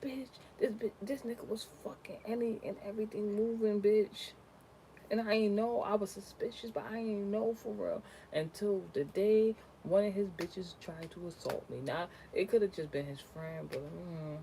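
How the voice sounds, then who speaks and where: A young woman, a content creator, tells a personal story in a casual vlog, ranting and cursing, dropping to low mutters and then rising to loud, animated outbursts. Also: moderate pace, a little hiss or hum, poor audio.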